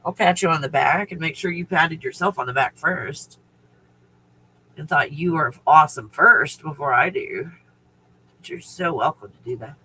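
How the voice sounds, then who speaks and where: A man's voice: a little high, normal speed, pushed and bright, a little hiss or hum, low-quality recording. A man hosting a casual live stream, rambling through stories, laughing often, swearing freely and greeting viewers by name.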